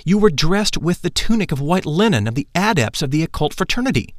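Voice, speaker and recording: A man's voice: on the high side, sing-song, a little fast, dry recording, clean studio sound, voice pushed up. A man reading the part of a wise female adept in an audiobook, earnest and questioning.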